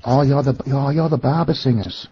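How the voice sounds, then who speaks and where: A man's voice: medium pitch, normal speed, a little hiss or hum. A man with an English accent playing hotel staff in a prank phone call, mock-polite and needling. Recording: lo-fi phone line.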